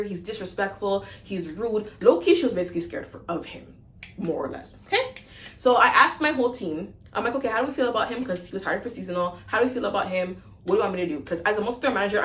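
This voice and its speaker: A young woman, a vlogger and former retail manager, telling a blunt, animated storytime rant to camera. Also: medium pitch, echoey room. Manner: fast, animated, blunt, switches into mocking quoted voices.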